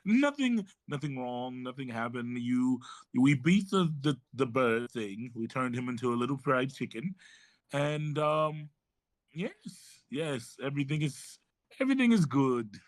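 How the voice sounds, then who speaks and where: A man's voice: medium pitch, sing-song, a little slow, no echo. A man voicing a doting, theatrical male healer who fusses and soothes, calling everyone darling. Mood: soothing. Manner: fussy, soothing, dismissive of worries. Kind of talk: tabletop role-play voice.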